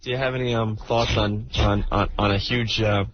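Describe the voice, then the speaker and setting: A man hosting a radio comedy bit, playing the deadpan straight man who feeds questions. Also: lowish voice, normal speed. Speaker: radio show host. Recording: lo-fi radio with hiss.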